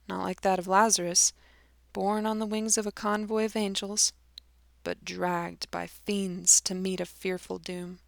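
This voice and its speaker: A woman reading aloud a religious testimony in a grave, measured and dramatic manner. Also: medium pitch, gravelly, dry recording, clean studio sound. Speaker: audiobook reader.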